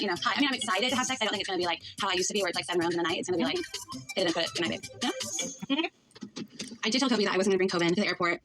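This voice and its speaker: A woman in a reality-show confessional interview, talking in an excitable, chatty way full of "like". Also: mid-range voice. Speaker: reality show cast member. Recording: background music under voice.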